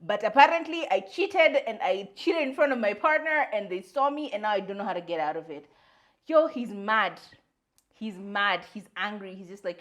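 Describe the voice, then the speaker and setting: A woman's voice: mid-range voice, moderate pace. A young adult woman, co-hosting a podcast, telling a story in casual chat, acting out what people said and mixing in Swahili. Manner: animated storyteller, slips into Swahili, acts out quotes. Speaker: podcast co-host.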